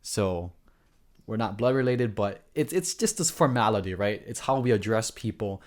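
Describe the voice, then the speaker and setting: A man's voice: on the low side, animated, normal speed. A man with a Hawaiian accent telling stories in a casual vlog, earnest and rambling, often restarting and adding asides. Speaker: vlogger.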